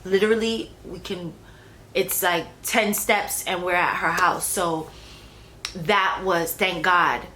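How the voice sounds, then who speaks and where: Woman, young adult, casual storytelling vlog, rather low pitch, faint background hiss. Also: fairly even intonation, slow, sharp tone, low-quality recording. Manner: chatty, with fillers and restarts. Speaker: vlogger.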